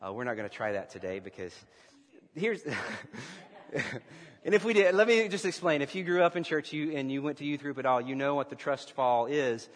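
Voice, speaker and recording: A man preaching to his congregation, mid-pitched and animated, leaning hard on certain words and easing off on others. The sound carries a long reverb from the church sanctuary around him. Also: normal speed. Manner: animated preaching, varies emphasis and loudness. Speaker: pastor. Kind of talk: sermon.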